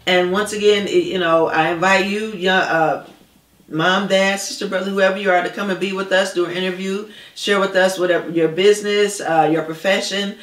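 Roomy, distant woman host, filler-heavy. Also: medium pitch. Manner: warm affirming, many fillers and uh's. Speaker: talk show host. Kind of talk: casual interview chat.

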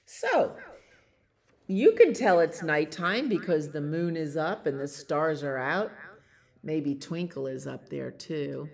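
A woman librarian reads a bedtime story to young children. Her voice sits low but moves a lot. She takes her time, gentle and animated. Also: slow, creaky.

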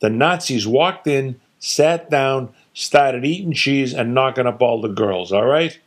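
A man's voice: medium pitch, a little slow, lightly acted. A man voicing a blustering, combative older father who rants emphatically and scornfully, in a story he reads aloud. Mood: ranting. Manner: loud, emphatic, scornful ranting. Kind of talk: storytelling reading with character voices.

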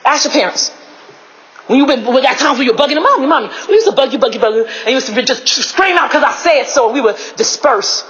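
A woman preaching on her own at home, shouting a repeated phrase, then dropping her voice and laughing between lines. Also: animated, fast, muffled recording, noisy background. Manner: shouts a repeated catchphrase, then drops low, laughing often. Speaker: lay preacher. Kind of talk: informal spoken devotional. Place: home, indoors.

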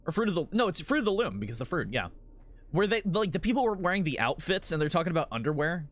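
A man's voice: on the high side, very animated, fast. A man in his twenties streaming a game, rambling through silly jokes and laughing constantly. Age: 20s. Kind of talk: casual gameplay commentary.

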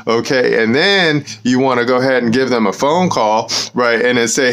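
A man's voice: mid-range voice, normal speed, hardly any pauses, fairly bright tone. A man hosting his own show, talking casually to camera outdoors in the cold, rambling and peppering nearly every sentence with "right?" and "you know.". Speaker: show host.

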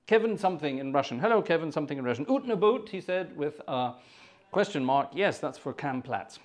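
A man's voice: fairly high pitch, animated, a little fast. Chatty man hosting an organ livestream. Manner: chatty, jokey, self-mocking asides. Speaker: livestream organ concert host. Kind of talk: casual chat greeting viewers.

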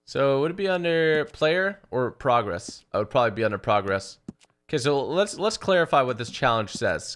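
A young man giving chatty, excitable commentary while he plays a video game, often talking to his horse. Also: mid-range voice. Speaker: gaming YouTuber. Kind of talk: let's play commentary.

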